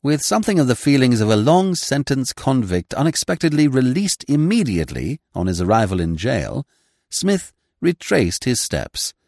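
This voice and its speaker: A man reading a classic comic novel aloud in measured, expressive narration. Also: mid-range voice, no echo, clean studio sound. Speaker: audiobook reader.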